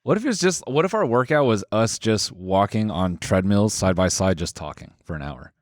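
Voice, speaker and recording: A man co-hosting a podcast in casual banter, teasing his partner with deadpan jokes. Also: fairly low pitch, moderate pace, no room sound, clean studio sound. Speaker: podcast co-host.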